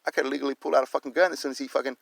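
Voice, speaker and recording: Male vlogger, heated profane rant, gravelly and rapid. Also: mid-range voice, fairly even intonation, no echo. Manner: swears constantly, heated, repeats "you know what I'm saying". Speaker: vlogger filming a police and security encounter.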